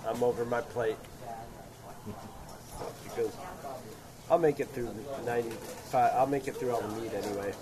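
A man's voice: mid-range voice, normal speed, long pauses. A man hosting a podcast in casual chat, rambling through his points with many restarts, recorded outdoors at a public market. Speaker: podcast host. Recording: outdoor market with crowd chatter.

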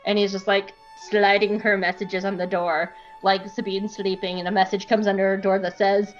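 A woman's voice: medium pitch, level tone, normal speed, few pauses. A woman podcast host giving a casual, irreverent comedic recap, swearing and acting out quotes. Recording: dull lo-fi, faint music behind.

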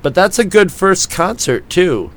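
A man's voice: high-pitched, very animated, a little slow. A man casually telling a drunken story on a podcast, swearing often, laughing and acting out what people said.

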